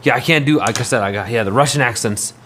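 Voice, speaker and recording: A man's voice: mid-range voice, quick pace, fairly bright tone, a little hiss or hum. A man livestreaming, chatting casually in a rambling way and answering his viewers' messages.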